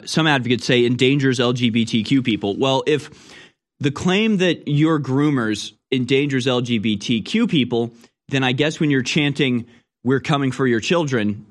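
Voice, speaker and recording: A man hosting talk radio, reading news and mocking it with sarcastic commentary that often trails off. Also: medium pitch.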